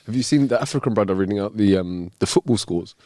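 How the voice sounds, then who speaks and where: A man's voice: lowish voice, fast, dark tone, dry recording, studio quality. A man co-hosting a casual chat, telling jokes and breaking into laughter. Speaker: podcast co-host.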